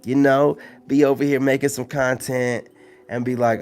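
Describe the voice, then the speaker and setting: With a mid-range, darkish voice that barely moves in pitch, this man keeps a moderate pace. He's hosting a casual live stream and talks in a loose, slangy way, packed with "you know what I'm saying" fillers.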